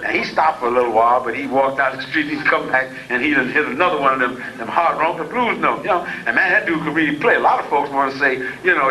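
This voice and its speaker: A man's voice: fairly high pitch, sharp tone, roomy sound, a little hiss or hum, rough recording. A man giving a lecture in a folksy, digressive and humorous storytelling way.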